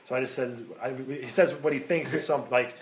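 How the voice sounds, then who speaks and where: Crowd noise fills the background as this man talks a little fast, his mid-range voice steady in tone. A podcast co-host from the American Midwest, he rambles through long stories in casual conversation, swearing and laughing as he goes.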